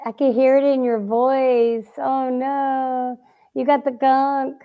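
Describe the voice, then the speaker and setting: A woman's voice: high voice, level tone, takes it slowly, clean tone. Chatty woman host, lo-fi stream. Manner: chatty, teasing, welcoming. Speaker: livestream host. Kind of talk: casual chat. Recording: dull lo-fi stream audio.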